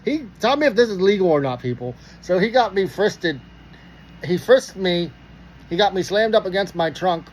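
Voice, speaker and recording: A man from Pittsburgh telling a story casually, animated and profane, acting out the dialogue. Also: sits high, moderate pace, slight background noise, poor audio.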